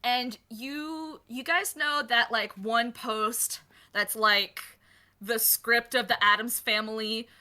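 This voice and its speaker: A woman's voice: a little high, steady tone, slow, sharp tone. A woman narrating as game master of a tabletop game, chatty and rambling with lots of fillers.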